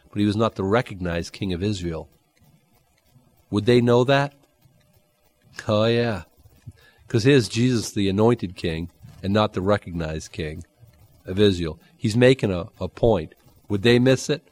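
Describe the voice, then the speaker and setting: A man preaching a Bible-teaching sermon, conversational and animated, with dry humor and sudden jumps in pitch. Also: measured pace, no echo. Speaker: pastor.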